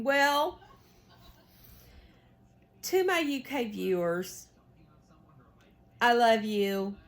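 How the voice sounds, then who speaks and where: Woman, Southern US accent, unhurried speech, folksy, rambling, knitting vlogger chat. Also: medium pitch. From United States. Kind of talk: casual chat while knitting.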